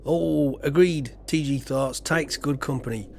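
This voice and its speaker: A man's voice: a little high, measured pace, gravelly, slight background noise. A man from England, streaming a farming game and chatting casually in a rambling, self-deprecating way with lots of fillers. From Yorkshire, England. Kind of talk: casual chat while playing a game.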